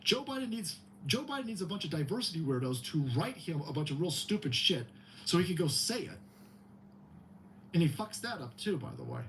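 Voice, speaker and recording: A man's voice: high-pitched, fairly quick, a little hiss or hum. A male host doing a mocking, profane comedic rant on a livestream. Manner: mocking, heavy swearing, animated.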